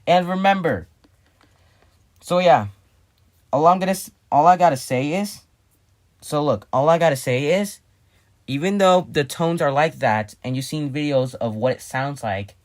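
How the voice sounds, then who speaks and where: A man talks through a hobby project in a loose, rambling way, often restarting sentences and correcting himself. His voice sits at an ordinary middle pitch. He sounds busy with his hands as he explains. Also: a little mellow. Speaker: hobbyist vlogger. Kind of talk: casual explaining.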